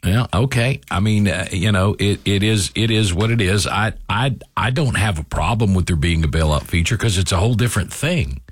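A man's voice: on the low side, animated, moderate pace, few pauses, slightly rough, no echo. A man calling in to a radio show, chatting with hesitations, restarts and wry humour. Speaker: caller. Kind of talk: casual phone-in chat.

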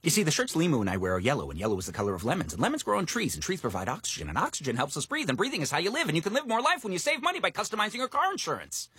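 A rambling insurance spokesman in a comic ad; quick, husky, wildly varied pitch. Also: wildly swooping pitch, pushed and bright, exaggerated voice. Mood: chipper. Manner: rambling chain of logic. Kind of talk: scripted comedic ad.

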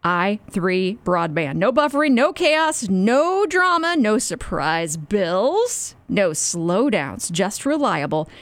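A woman reads a radio commercial in a chatty, upbeat way. Her pitch moves a lot while her pace stays slow. The sound is dry and close. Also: sing-song, no echo. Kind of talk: scripted radio ad read.

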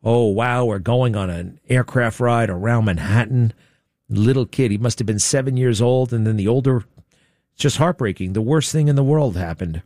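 A man's voice: medium pitch, normal speed, a little mellow, no echo, clean studio sound. A man hosting a talk show, giving opinionated commentary in a sarcastic, mocking way.

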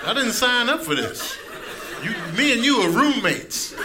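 A man's voice: very high voice, big pitch swings, a little slow, background noise, pitched above the performer's own voice, exaggerated voice. A man voicing a demanding, fed-up hungry cat that barks orders. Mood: indignant. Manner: indignant, commanding.

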